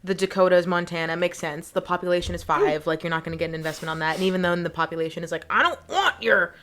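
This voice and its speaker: A woman's voice: fairly low pitch, level tone, racing. A young woman co-hosting a podcast in casual chat, jokey and giggly, slipping into silly voices. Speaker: podcast co-host.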